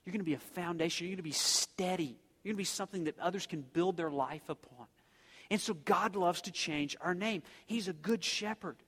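A pastor delivers a sermon to his congregation in a high, husky, slightly bright voice, speaking briskly and with emphasis while posing many rhetorical questions. The recording carries a long reverb, like a large hall.

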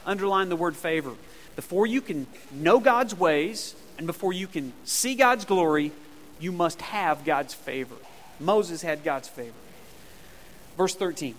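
A man's voice: fairly high pitch, animated, a little slow, a bit bright. A man preaching a sermon as pastor in a church, emphatic and conversational, drawing the congregation into call-and-response. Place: church sanctuary. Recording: long reverb of a large hall.

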